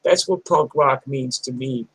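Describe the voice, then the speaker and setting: A middle-aged punk musician ranting in a blunt, rambling, profane monologue vlog. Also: male voice, medium pitch, measured pace, a bit bright, breathy edge, no echo, poor audio.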